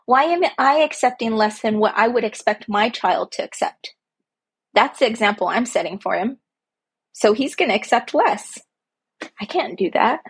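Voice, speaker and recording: A woman with a fairly high, husky, expressive voice hosts a podcast at a moderate pace, sharing an earnest, personal reflection on her life as a parent. She repeats phrases for emphasis and comes across as young adult to middle-aged.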